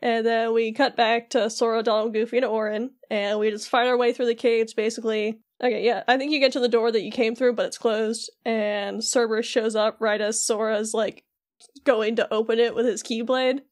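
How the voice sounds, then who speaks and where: A woman's voice: a little high, moderate pace. Chatty woman recapping a game. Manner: animated storytelling, acting out characters' lines with bits of laughter. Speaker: podcast co-host. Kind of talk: casual chat recapping a video game.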